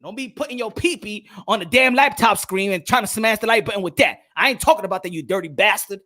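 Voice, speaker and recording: A man hosting a live boxing stream, loud and animated, trash-talking fighters and hyping his viewers. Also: high-pitched, fast talker. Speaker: boxing commentator.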